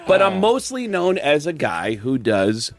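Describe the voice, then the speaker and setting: A man's voice: a little high, faint music behind. A man from the Bronx, an impressionist telling a story as a guest on a radio talk show and slipping into voices. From the Bronx, New York. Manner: animated storyteller who slips into voices, quick with laughs.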